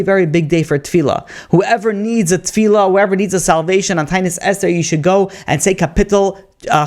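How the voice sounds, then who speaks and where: Male rabbi teaching, lively storyteller who peppers English with Hebrew phrases. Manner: animated storytelling, rising pitch for emphasis; mixes Hebrew and Yiddish terms into English. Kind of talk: Torah lecture.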